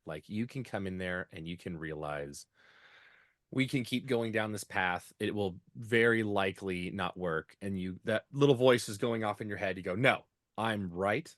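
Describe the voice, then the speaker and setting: A man's voice: low-pitched, moderate pace, dry recording, clean studio sound. A man on a podcast panel, talking hesitantly with many ums and losing his train of thought. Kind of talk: casual panel discussion.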